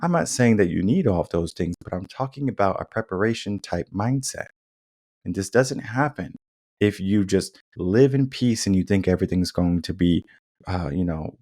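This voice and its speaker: Deep young man podcasting, casual monologue, punchy and repeats himself, swings his tone. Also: a little mellow. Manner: emphatic, repeats points, acts out quotes in changed tones. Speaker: podcast host.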